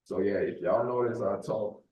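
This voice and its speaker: A young Nigerian-born man hosts his podcast alone, talking in a mostly American accent that lets a Nigerian lilt slip through. His voice sits low and mellow, loose and rambling with constant "you know"s. He sounds a little off the mic in an echoey room. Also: moderate pace, recorded from a distance, dull audio. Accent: American with a light Nigerian accent. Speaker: podcast host. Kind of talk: casual solo podcast monologue.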